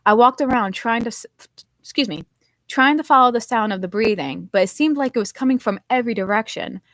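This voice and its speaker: A woman's voice: fairly high pitch, brisk, dry recording. Woman author reading her novel aloud. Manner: expressive first-person narration.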